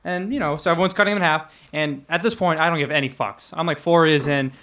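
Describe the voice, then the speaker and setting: A young man with a slightly high voice tells workplace stories in loose, casual chat. He laughs often and jumps into higher voices when he quotes people. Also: fairly even intonation, quick pace, sharp tone. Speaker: podcast co-host telling restaurant stories.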